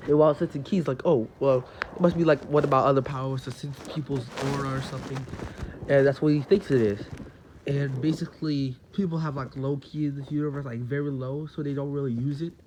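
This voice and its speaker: A man's voice: mid-range voice, darkish tone, a little hiss or hum, rough recording. A man casually retelling a made-up story, rambling with lots of fillers and self-corrections.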